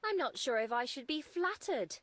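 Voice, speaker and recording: An actress voicing a composed, wry adult woman in a story game, dry and measured. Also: sits high, very animated, dry recording. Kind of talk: game voice acting.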